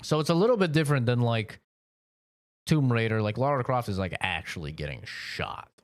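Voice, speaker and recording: A man's voice: mid-range voice, lively intonation, moderate pace. A young man streaming a game, rambling casually with lots of swearing and filler words. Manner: laid-back, profane, rambling with frequent "like" and laughs. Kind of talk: casual gaming commentary.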